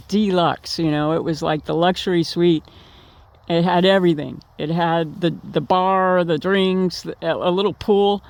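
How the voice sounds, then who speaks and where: A woman's voice: fairly low pitch, a little mellow, no echo. A woman casually telling a personal memory to her viewers, rambling with fillers and restarts and laughing now and then. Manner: laughs while telling stories. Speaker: vlogger remembering her late partner. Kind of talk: casual storytelling.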